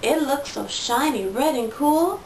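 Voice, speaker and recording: A woman reading a picture book aloud to her toddler in a slow, sing-song storytelling voice. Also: sits high, expressive, darkish tone, distant mic. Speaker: parent reading to her child. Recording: roomy sound from away from the mic, faint noise.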